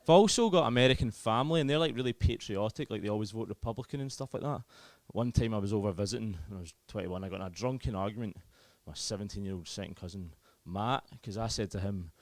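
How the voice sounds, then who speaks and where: A man's voice: on the low side, fast, hardly any pauses, no echo. A young Scottish man with a Scottish accent performing a self-deprecating, chatty stand-up comedy set. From Scotland.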